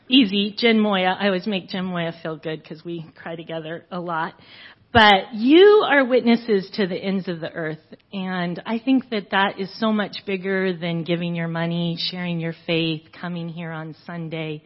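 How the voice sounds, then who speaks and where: A woman's voice: lowish voice, moderate pace. A middle-aged woman sharing heartfelt, emotional remarks at a church service, with frequent fillers. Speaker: church member sharing before leaving. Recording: lo-fi church audio recording.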